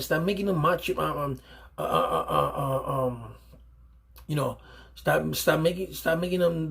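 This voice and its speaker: A man's voice: fairly high pitch, husky. A man, a father, giving earnest, emphatic advice to other fathers off the cuff, often repeating himself and restarting phrases. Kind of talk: unscripted advice monologue.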